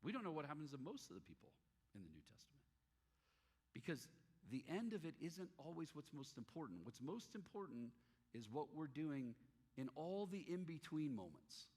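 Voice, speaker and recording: A man preaching a sermon, an animated storyteller who acts out the dialogue in his stories. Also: mid-range voice, vocal fry, breathy edge. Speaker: pastor. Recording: long hall reverb.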